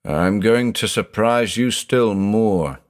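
A man's voice: lowish voice, slow pace. A man reading a haunted older judge who talks in an intense, growling, confessional way. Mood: grave. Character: haunted, obsessive older male judge, brooding.

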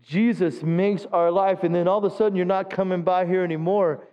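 High-voiced pastor preaching in a big hall. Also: male voice, fairly even intonation, fairly quick, clear, resonant tone. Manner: conversational preaching, asks the congregation questions. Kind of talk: sermon. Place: church sanctuary. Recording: dull lo-fi sound with long hall reverb.

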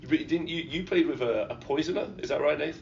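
Halting man on a distant podcast mic. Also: fairly high pitch, lo-fi sound, slight background noise. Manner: halting, repeats words as he restarts. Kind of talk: casual chat.

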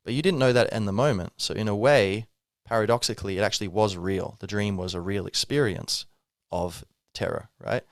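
A man's voice: fairly low pitch, fairly quick, few pauses, dry recording, clean studio sound. A man hosting a podcast, musing in a casual, rambling way with wry asides. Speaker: podcast host. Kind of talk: reflective spiritual monologue.

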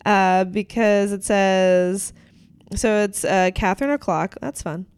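A woman co-hosting a podcast at home, talking casually and laughing often. Her voice is smooth and clear, recorded close and dry on a studio mic. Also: mid-range voice, fairly even intonation, slow, a little mellow, dry recording. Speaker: podcast co-host. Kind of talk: casual chat.

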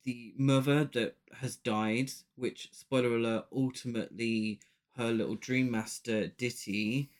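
A man's voice: medium pitch, fairly even intonation, unhurried, hardly any pauses. A man co-hosting a podcast, casually analysing a horror film with frequent laughs. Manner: giggly, opinionated, speeds up when arguing a point. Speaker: podcast co-host. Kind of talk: casual chat.

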